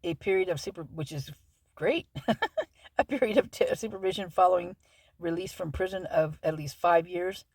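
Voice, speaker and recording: Chatty woman reading aloud, mellow and dry. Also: lowish voice, a little fast, dry recording. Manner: rambling, chatty, with many fillers and self-corrections. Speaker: true-crime channel host. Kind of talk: casual commentary while reading a legal document.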